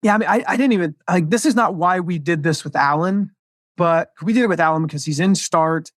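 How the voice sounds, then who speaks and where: Upbeat guy chatting business, kinda high voice, dry close sound. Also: brisk, a bit bright, no echo. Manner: upbeat, chatty, lots of fillers. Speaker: podcast host, marketing coach. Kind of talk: casual business chat.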